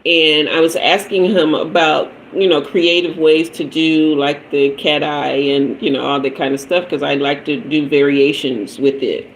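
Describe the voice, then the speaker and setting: A woman's voice: sits low, fairly even intonation, measured pace, few pauses, slight background noise, rough recording. A woman hosting a tarot livestream, telling a casual story in a chatty way, sprinkling in "child" and "honey" and laughing often. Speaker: tarot reader and livestream host.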